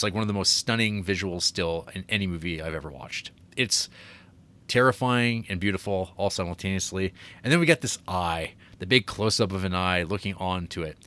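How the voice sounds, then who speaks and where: Luźno gawędzący mężczyzna o niskim głosie. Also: male voice, on the low side, fairly bright tone. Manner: rambling, many filler "like"s. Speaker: podcast co-host. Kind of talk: casual film review chat.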